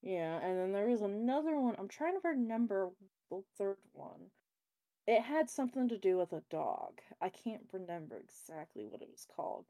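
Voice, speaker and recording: A woman chats casually with friends, recalling things aloud and pausing to search for words. Her voice is medium in pitch and otherwise ordinary. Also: animated, mellow. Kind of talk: casual chat.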